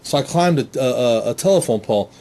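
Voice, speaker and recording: A middle-aged man telling a stand-up comedy story, animated, slipping in silly character voices. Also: mid-range voice, fast talker, vocal fry.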